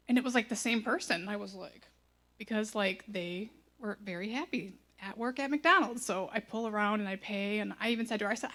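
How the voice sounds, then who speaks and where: A woman, telling a personal testimony in a casual, animated way and acting out the voices in it. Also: mid-range voice, a little fast. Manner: chatty, animated, acts out quoted lines. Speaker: church member sharing a testimony.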